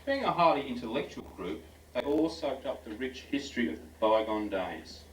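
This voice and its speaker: A man's voice: mid-range voice, big pitch swings, moderate pace. A man reading a humorous story aloud with an amused, chuckling delivery as a speaker at a school farewell, on a ferry. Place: function room aboard a ferry. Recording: echoey, distant, noisy venue.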